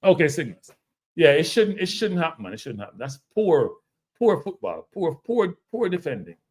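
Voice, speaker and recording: Emphatic Jamaican football show host. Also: male voice, fairly high pitch, sing-song, moderate pace, darkish tone, slightly rough. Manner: repetitive, emphatic, addresses viewers as people. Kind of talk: casual football analysis chat.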